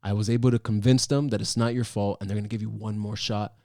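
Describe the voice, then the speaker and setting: A man in his thirties, hosting his own talk show, tells a personal story in casual chat, animated and emphatic with many restarts. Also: fairly low pitch, quick pace. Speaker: podcast host.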